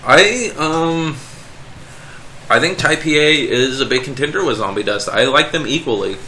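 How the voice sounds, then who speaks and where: A young man co-hosting a casual podcast chat, animated and quick to laugh, trailing off and restarting as he thinks. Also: on the high side, a little hiss or hum, low-quality recording. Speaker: podcast co-host.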